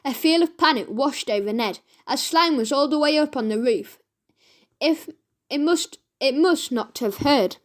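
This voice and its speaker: A woman with a high, bright-pitched voice reads a children's story at an unhurried pace. She tells it plainly, sometimes tripping and correcting herself mid-sentence. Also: expressive. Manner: reads slowly with self-corrections. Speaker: reader. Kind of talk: children's audiobook reading.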